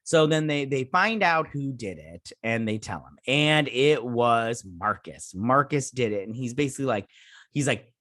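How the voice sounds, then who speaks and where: A man's voice: mid-range voice, expressive, a little slow, a bit bright, dry recording, clean studio sound. A man hosting a TV review channel, recapping an episode in a casual, rambling way, with lots of fillers and restarts.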